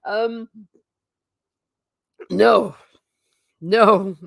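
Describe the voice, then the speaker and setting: A woman's voice: mid-range voice, steady tone, drawn-out words, vocal fry, no echo, studio quality. A woman in her thirties hosting a livestream, reading chat and chatting in an emotional, laughing way. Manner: chatty and emotional, laughs often, self-interrupting. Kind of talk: casual chat.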